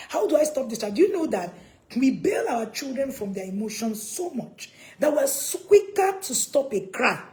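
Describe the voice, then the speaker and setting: A woman's voice: mid-range voice, mellow. A woman, a parenting coach giving an earnest, emphatic talk to viewers and laughing between points.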